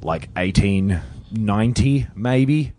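Laid-back, low-voiced man. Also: lively intonation, takes it slowly, dark tone, no echo. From Australia. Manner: rambling, laid-back, swearing. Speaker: podcast guest. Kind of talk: casual remote chat.

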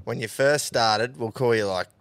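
A man's voice: mid-range voice, moderate pace, vocal fry, fairly bright tone, dry recording, studio quality. A man with an Australian accent hosting a podcast, asking his guest blunt questions in casual, sweary talk. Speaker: podcast host. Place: studio.

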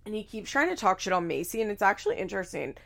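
A woman's voice: mid-range voice, very animated, very fast, vocal fry, fairly bright tone. A woman hosting a casual recap, speaking bluntly, swearing freely and acting out quoted lines. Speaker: podcast host recapping a reality show. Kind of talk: casual commentary.

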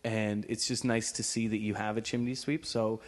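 A man co-hosting a comedy podcast, improvising absurd bits in a deadpan, casual way with some swearing. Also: lowish voice, normal speed. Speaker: podcast co-host.

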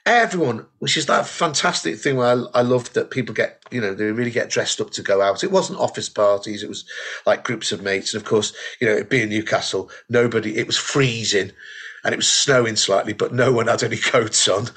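A man's voice: fairly low pitch, fairly quick, fairly bright tone, slightly rough. A middle-aged British man, a comedian co-hosting a podcast, chatting casually and telling anecdotes between laughs. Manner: storytelling, laughing often, restarts. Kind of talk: casual chat.

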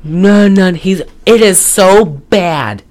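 A woman hosting a podcast talks slowly in a lowish voice, giving a lively, joke-filled movie review with occasional swearing and outbursts of laughter. Audio quality is poor.

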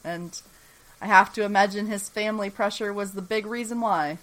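A woman co-hosting a podcast, sharing her thoughts in casual chat. She sounds relaxed and thoughtful and often gives short reactions. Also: medium pitch, normal speed, rough recording. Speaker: podcast co-host.

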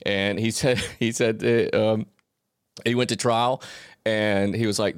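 A man with a lowish, smooth and clear voice recounts a story in casual podcast chat. He acts out the quotes inside it. The sound is close and dry. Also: steady tone, unhurried, no room sound. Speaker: podcast co-host.

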